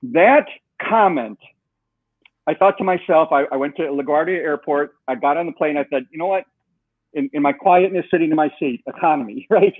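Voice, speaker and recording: A man's voice: on the high side, normal speed, husky, no echo. A man guest in an interview, telling a long story with animation and acting out the dialogue he quotes. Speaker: guest, software co-founder. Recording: tinny phone-like line.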